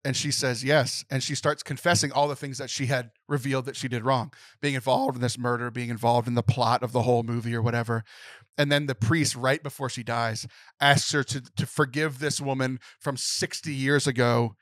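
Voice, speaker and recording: A man's voice: medium pitch, fairly quick, no room sound. A man co-hosting a podcast, caught up in retelling a film's plot with lots of fillers and restarts. His voice sits in an ordinary middle range. The recording is close and dry, with no room sound. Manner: animated storyteller retelling a film plot, many fillers. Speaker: podcast co-host. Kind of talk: casual podcast chat.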